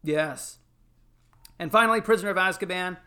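A man's voice: sits high, moderate pace. Chatty man recounting film scenes. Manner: animated storytelling, fillers. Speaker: podcast panelist. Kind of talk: casual chat.

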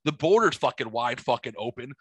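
A man's voice: mid-range voice, expressive, fairly quick, breathy edge, no room sound. A man co-hosting a casual podcast, ranting sarcastically and swearing a lot. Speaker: podcast co-host. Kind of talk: casual profane podcast chat.

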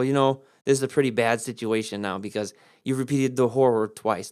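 A man teaching the Bible on his podcast in a casual, conversational way, jumping up in pitch to stress points. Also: fairly quick. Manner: conversational, animated pitch jumps for emphasis.

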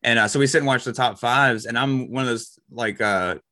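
Man, podcast host, quick talker, bright tense tone. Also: mid-range voice, no echo, clean studio sound. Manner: relaxed, filler-heavy. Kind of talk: casual chat.

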